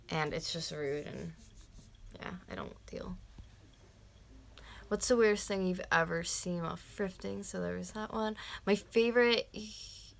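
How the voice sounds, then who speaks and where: Casually ranting on a live stream, this vlogger, a woman in her twenties from North America, swears often, peppers her talk with "like," and dips into whispers. Her voice is on the low side, creaky, bright, and forceful.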